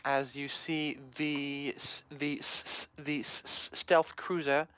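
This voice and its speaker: A man's voice: fairly high pitch, flat delivery, takes it slowly, a bit bright, clear, resonant tone, dull audio. A man running a tabletop role-playing game as game master, narrating with many fillers and restarts.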